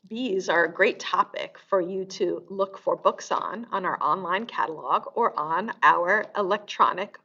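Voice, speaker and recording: A woman's voice: mid-range voice, fairly bright tone, dull audio. A woman librarian leading a storytime and sing-along for young children, in a sing-song, exaggerated way.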